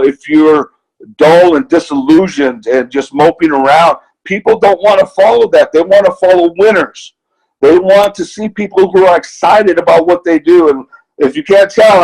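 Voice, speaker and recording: A middle-aged man tells his story with earnest, rallying conviction, as if urging a group on. His voice sits a little high and comes out husky. He sounds heartfelt rather than polished. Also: darkish tone, rough recording. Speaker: guest speaker on a conference call. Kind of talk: motivational testimony.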